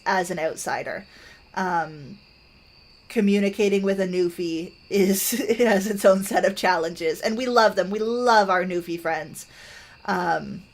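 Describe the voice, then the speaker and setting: A Canadian woman gaming streamer chats casually while she plays, her medium-pitched voice a little slow. Her talk rambles thoughtfully, full of fillers and restarts.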